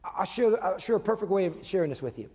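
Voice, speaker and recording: A man giving a motivational keynote as a business coach, animated, swinging between loud emphasis and hushed asides, often tagging points with "okay?". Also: sits high, fast talker, breathy edge. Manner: tags points with a questioning "okay?". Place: conference hall before a live audience. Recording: long reverb of a large hall.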